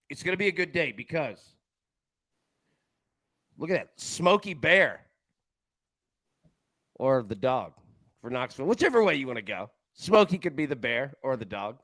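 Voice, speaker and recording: A man's voice: medium pitch, fairly bright tone, no room sound. A man hosting a live sports betting show in casual chat, jokey and rambling, laughing often.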